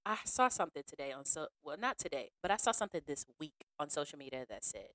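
A woman hosting a podcast in a casual monologue, frank and slangy, acting out other people in an animated way. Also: deep voice, fast, no room sound, clean studio sound. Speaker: podcast host.

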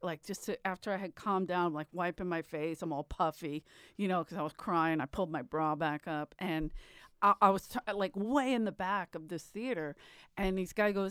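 A woman, a comedian telling stories in casual chat, animated and swearing, acting out quotes in voices. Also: mid-range voice, clear, resonant tone, dry recording, studio quality. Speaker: comedian guest.

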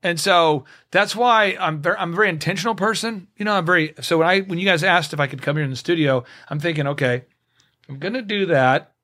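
Man, high voice, studio guest, lively storyteller who does the dialogue himself. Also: fairly quick. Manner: animated storyteller acting out both sides of dialogues. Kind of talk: casual studio conversation.

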